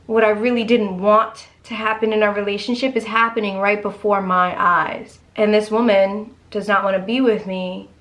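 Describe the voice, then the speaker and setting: A woman's voice: a little high, expressive, normal speed, a bit bright. A woman voicing a jealous, insecure husband who swears in crude exasperation. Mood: dismayed.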